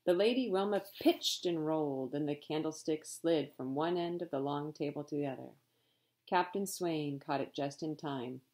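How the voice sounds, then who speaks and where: Low-voiced woman reading a story aloud. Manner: expressive read-aloud, pausing to explain words. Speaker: reader. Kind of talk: reading a children's novel aloud.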